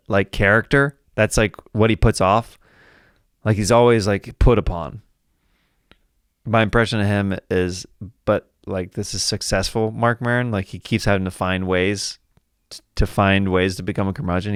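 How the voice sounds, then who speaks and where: A man's voice: on the low side, smooth, no echo, studio quality. A man hosting a podcast in casual chat, rambling and joking between impressions. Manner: rambling, jokey, slips into impressions. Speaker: podcast host.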